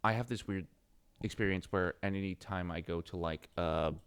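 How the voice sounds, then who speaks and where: A man's voice: sits low, moderate pace, clean tone. A man co-hosting a casual book podcast, playful and teasing as he talks through ideas. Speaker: podcast co-host.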